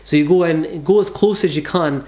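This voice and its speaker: A man's voice: fairly high pitch, moderate pace, darkish tone. A man giving earnest, devout pilgrimage advice in a casual vlog, repeating himself as he talks. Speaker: vlogger giving travel advice. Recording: echoey room.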